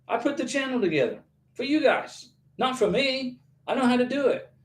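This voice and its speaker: A man's voice: extremely high pitch, expressive, moderate pace. A man hosting a casual livestream, reading viewer questions aloud and answering them in an emphatic, encouraging way. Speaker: YouTube channel host answering viewer questions. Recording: echoey room.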